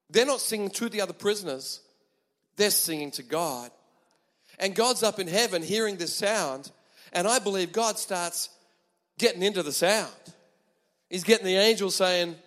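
A man preaching a sermon, emphatic and animated, with chatty asides to the congregation. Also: sits high, normal speed, pauses often, long reverb tail.

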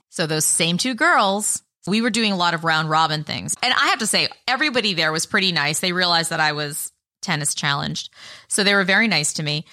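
A woman's voice: lowish voice, expressive, brisk, pushed and bright, no echo, clean studio sound. A woman co-hosting a podcast, telling a story in casual chat and swearing freely. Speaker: podcast co-host.

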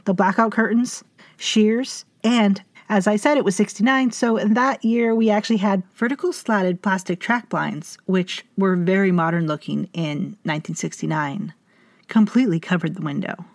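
A woman narrating a story in a measured, formal way with dry wit. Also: mid-range voice, no room sound. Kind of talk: scripted fiction narration.

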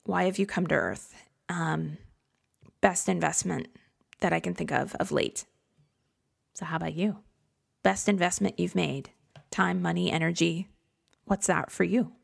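A woman's voice: lowish voice, unhurried, vocal fry, long pauses, slightly rough. A woman hosting a podcast, talking in a chatty, reflective and self-deprecating way from a home studio. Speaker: podcast host. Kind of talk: casual solo podcast talk. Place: home studio in a converted garage.

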